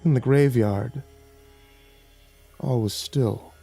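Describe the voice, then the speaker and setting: A man narrates a horror story in a measured, dramatic way, with a dark, mellow tone. Faint music plays beneath his voice. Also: medium pitch, creaky, breathy edge.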